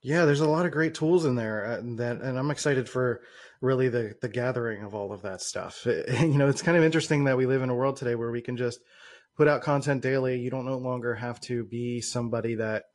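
A man hosts a casual interview, relaxed and encouraging, often murmuring agreement. His voice has an everyday, mid-range pitch. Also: a little fast. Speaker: podcast host.

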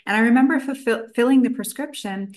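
A woman's voice: on the high side, quick pace. Chatty woman nutritionist telling her story. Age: adult, past college. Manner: chatty storytelling with quoted asides. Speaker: nutritionist guest. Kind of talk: podcast interview.

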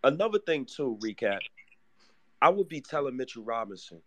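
A man's voice: mid-range voice, normal speed. A man co-hosting a casual sports podcast, talking with profanity and acting out how he would coach. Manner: profane, animated, playacts as coach. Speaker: podcast co-host.

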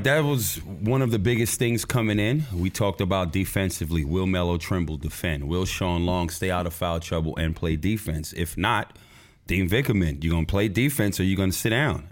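A man talking basketball on a casual podcast, animated, cursing and laughing as he gets excited. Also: deep voice. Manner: animated, swears, laughs often, rises when excited. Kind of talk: casual sports chat.

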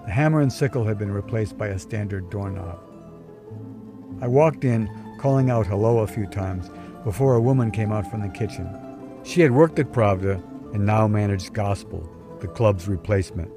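A man narrating a scripted first-person story in a dry, wry, measured way. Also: lowish voice, over music. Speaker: podcast storyteller.

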